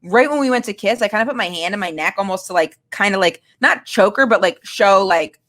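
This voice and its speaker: A woman's voice: medium pitch, expressive, fairly quick, a bit bright. A woman guest telling a candid, self-mocking dating story in a rambling way, full of filler words. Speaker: guest comedian.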